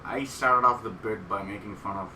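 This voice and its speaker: A man's voice: lowish voice, moderate pace, bright, forceful tone, roomy sound, far from the mic, slight background noise, poor audio. A man co-hosting a casual podcast, telling a long stand-up story with many fillers and laughs. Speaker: podcast co-host, comedian.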